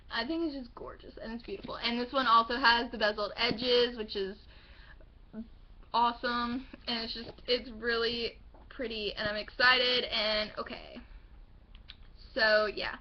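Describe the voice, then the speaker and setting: A young woman gushes over her new books in a casual home vlog, her voice high and bubbling with excitement. She rambles happily and drops the occasional swear. The recording sounds slightly dull and lo-fi. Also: a little slow. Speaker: book vlogger. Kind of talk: casual book haul chat.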